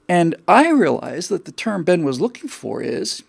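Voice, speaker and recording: A man's voice: fairly high pitch, big pitch swings, normal speed, creaky, husky. A man from the United States hosting a show, giving a rambling, sardonic political commentary monologue. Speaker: show host.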